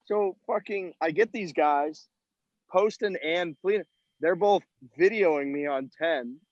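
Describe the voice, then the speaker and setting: A podcast co-host with a slightly high voice chats casually and slowly, telling self-mocking golf stories and swearing freely as he rambles. He's calling in from outdoors at a golf event. The audio is dull and lo-fi with little room echo.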